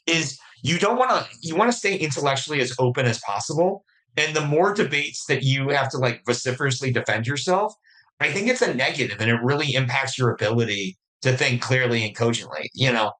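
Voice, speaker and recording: A man with a bright, forward voice, speaking as a guest on a podcast. He talks casually in energetic bursts, restarting sentences and acting out quick quotes. His pitch sits at an ordinary middle height. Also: poor audio. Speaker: podcast guest, fund manager. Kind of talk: casual interview talk.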